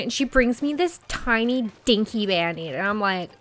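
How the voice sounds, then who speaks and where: A woman's voice: on the high side, normal speed, hardly any pauses. A young woman streamer telling a story in casual live-stream chat, full of "like" fillers. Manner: chatty storytelling, frequent "like" fillers.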